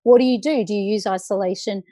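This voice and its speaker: A woman's voice: medium pitch, fast, warm tone, no echo. A woman, a makeup artist chatting animatedly as a guest, full of fillers and stories. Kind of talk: casual chat.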